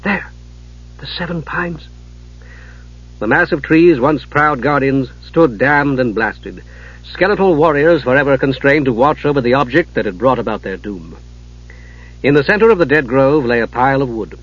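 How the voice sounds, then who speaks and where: A man narrating an audiobook fantasy story in a measured, dramatic reading. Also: medium pitch, expressive, a bit bright. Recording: dull lo-fi audio.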